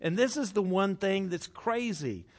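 A middle-aged man preaching a sermon, swinging from hushed, intimate passages to loud, animated outbursts. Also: high-pitched, unhurried. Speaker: pastor.

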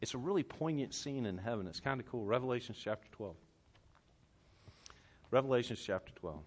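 A man with a Southern US accent preaching a sermon as pastor, telling stories with lively swings between loud bursts and hushed passages. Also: medium pitch, brisk. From Southern United States.

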